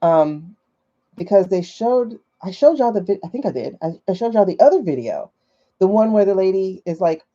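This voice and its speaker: A woman hosts a casual livestream from her phone, chatty and skeptical, thinking aloud with plenty of fillers. Her medium-pitched voice is warm and expressive at a moderate pace, and the audio is dull and lo-fi.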